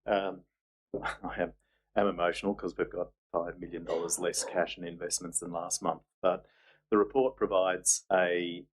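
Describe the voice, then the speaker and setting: A man's voice: low voice, flat delivery, normal speed, breathy edge, rough recording. A man chairing a council meeting as mayor, businesslike with dry asides.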